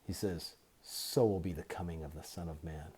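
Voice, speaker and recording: A man giving an informal Bible teaching into his phone, deliberately repeating and spelling out key words. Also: deep voice, fairly even intonation, dark tone, a little hiss or hum.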